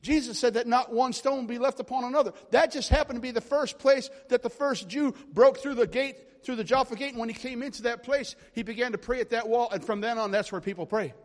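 A man's voice: extremely high pitch, brisk, hardly any pauses, big-room sound. A middle-aged man preaching a sermon, telling his story with passion and acting out conversations with God.

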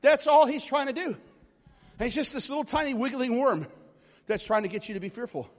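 A man's voice: very high voice, moderate pace, long reverb tail. A middle-aged man preaching a sermon, telling his story with passion and acting out conversations with God.

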